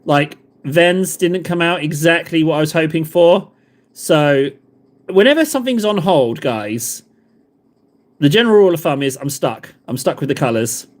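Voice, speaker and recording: Chatty, self-mocking male streamer, lively rising and falling, a bit high, can't say th. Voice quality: says f or t for th. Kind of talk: casual live-stream chat.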